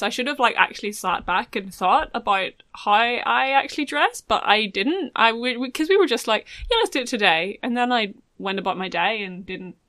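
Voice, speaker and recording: A woman's voice: medium pitch, a bit bright, no room sound, clean studio sound. A woman, chatting casually as a podcast host and a little self-conscious about her polished phone voice.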